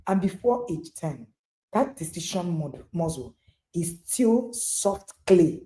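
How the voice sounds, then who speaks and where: A woman's voice: fairly low pitch, expressive, slow pace, warm tone, a little hiss or hum. A middle-aged woman with a Nigerian accent giving an emphatic motivational talk to parents, repeating points for stress and addressing listeners directly. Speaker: parenting speaker and author.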